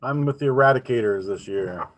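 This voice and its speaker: A man's voice: medium pitch, a little fast. A man from Ohio, a team captain, telling friendly anecdotes over a video call. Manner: friendly storyteller, laughs easily.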